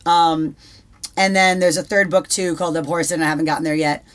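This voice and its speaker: A woman's voice: deep voice, steady tone, a little fast. A young woman co-hosting a casual talk show, swearing freely and restarting her sentences. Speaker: podcast co-host. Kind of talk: casual chat.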